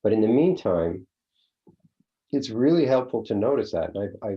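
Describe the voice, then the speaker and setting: A middle-aged man leads a course in a casual teaching talk, full of fillers and a rhetorical "right?". He sounds animated, with a fairly low pitch at normal speed, though the lo-fi recording is dull.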